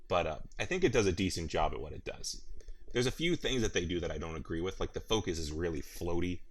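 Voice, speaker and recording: Podcast host, male, very deep voice, chatty and rambling, laughs a lot. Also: expressive, quick pace, a little hiss or hum. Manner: rambling, laughs often, many restarts. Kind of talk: casual gaming podcast chat.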